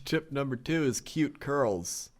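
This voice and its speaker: Man reading quirky news aloud, lively pitch. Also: takes it slowly. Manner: plays straight man, reads news items aloud. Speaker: podcast co-host. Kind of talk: casual comedic banter, reading articles aloud.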